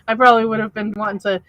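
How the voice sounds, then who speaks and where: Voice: mid-range voice, fairly bright tone, no room sound, highs cut off. Dry-sounding podcast host on a call. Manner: short encouraging back-channel replies. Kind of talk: casual chat.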